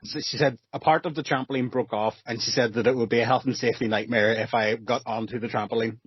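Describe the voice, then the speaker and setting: A man's voice: mid-range voice, steady tone, fast, husky, no echo, highs cut off. A man co-hosting a casual movie podcast who laughs often and jokes at his own expense. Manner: laughing, self-mocking. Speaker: podcast co-host. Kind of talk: casual chat.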